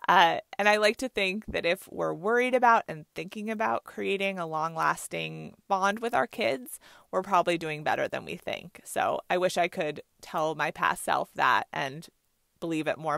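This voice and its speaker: Gravelly-voiced woman podcast host. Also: lowish voice, a bit bright, dry recording, clean studio sound. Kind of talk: reflective podcast narration.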